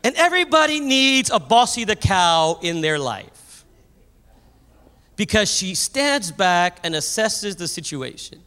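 A man preaching a sermon, telling a story with animated energy and raising his voice at the high points. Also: unhurried, clean tone. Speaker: pastor. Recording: long hall reverb.

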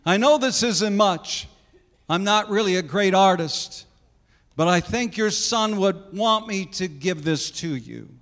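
A preacher voicing a humble young soldier, high voice. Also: male voice, lively intonation, unhurried, a bit bright, long reverb tail, heavily acted. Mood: earnest.

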